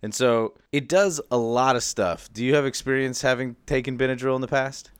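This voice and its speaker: A man's voice: mid-range voice, a little fast, smooth, no room sound, clean studio sound. A male podcast co-host chatting casually, teasing his partner playfully. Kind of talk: casual comedic chat.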